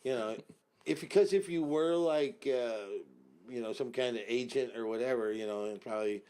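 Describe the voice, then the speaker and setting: A mid-pitched man hosts a casual interview. He jumps in with reactions and joking asides, halting over hesitant fillers. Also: warm tone, clear, resonant tone. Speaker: interview host.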